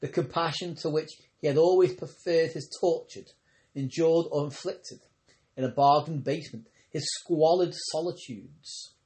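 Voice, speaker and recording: A man's voice: fairly high pitch, normal speed, darkish tone. A man reading a novel aloud as an amateur audiobook narrator, who stumbles over words now and then and corrects himself. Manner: reads with occasional stumbles and self-corrections. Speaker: audiobook reader. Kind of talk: scripted narration.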